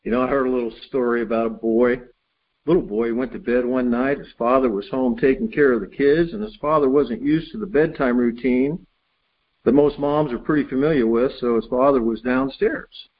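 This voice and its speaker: Slightly husky male preacher. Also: medium pitch, normal speed, lo-fi sound. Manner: storytelling, reading scripture aloud. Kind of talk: sermon.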